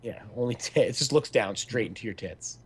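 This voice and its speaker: A man's voice: medium pitch, expressive, fairly quick, breathy edge. Joking, crude-talking podcast co-host man. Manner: loose, joking, crude banter. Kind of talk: casual esports podcast chat.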